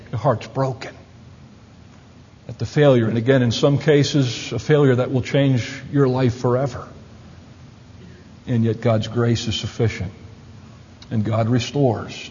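Husky-voiced pastor preaching in a reverberant hall. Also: male voice, medium pitch, darkish tone. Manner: earnest, emphatic preaching. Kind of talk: sermon. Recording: long hall reverb, dull lo-fi sound.

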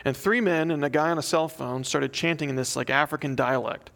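Earnest, gravelly-voiced male preacher. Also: fairly high pitch, fairly even intonation, brisk, few pauses, fairly bright tone. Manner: earnest, conversational storytelling with reading aloud. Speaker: pastor. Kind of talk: sermon.

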